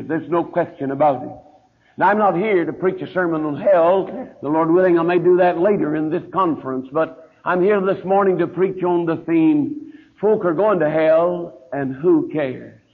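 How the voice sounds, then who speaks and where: A man preaching in a church, his slightly raised voice gravelly. He slows and sinks to a hush on his key words. It comes through a thin, tinny old tape. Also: a little high. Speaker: pastor. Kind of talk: sermon.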